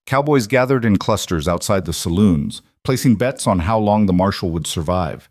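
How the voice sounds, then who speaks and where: Male narrator, low voice, dry close sound, steady western storytelling. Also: normal speed, no echo.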